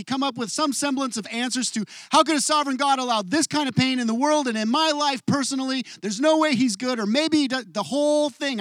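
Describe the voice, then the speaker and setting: A middle-aged man preaching a sermon as pastor, expressive, moving between hushed and emphatic delivery. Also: extremely high pitch, dry recording, studio quality.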